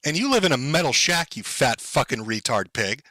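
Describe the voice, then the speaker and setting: A man's voice: mid-range voice, very animated, normal speed, pushed and bright, no room sound, low-quality recording. A man live-streaming sarcastic, profane commentary, mocking and sardonic as he reacts to clips.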